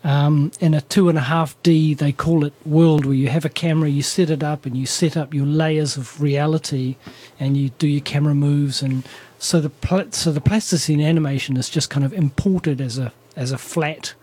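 Rambling, husky New man. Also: fairly high pitch, fairly even intonation, normal speed, few pauses, warm tone. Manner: rambling, self-correcting, laughs easily. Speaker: animator guest. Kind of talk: conversational interview.

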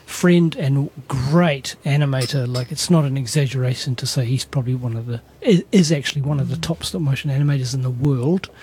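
A man's voice: mid-range voice, brisk, few pauses, a little mellow. A man, an animator chatting in an interview, often correcting himself and laughing easily. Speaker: animator guest. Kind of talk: conversational interview.

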